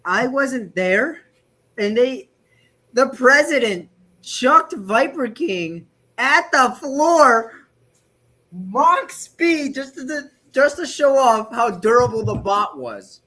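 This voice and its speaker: A young adult robot builder telling stories in a rambling, animated way during a casual livestream chat, voice slightly hoarse. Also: mid-range voice, takes it slowly.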